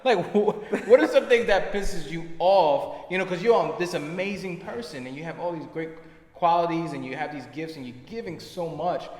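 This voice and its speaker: Laughing podcast host in an echoey room. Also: male voice, fairly high pitch, normal speed. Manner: laughs often, animated storyteller, swears freely. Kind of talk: casual interview chat. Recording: echoey room with long reverb.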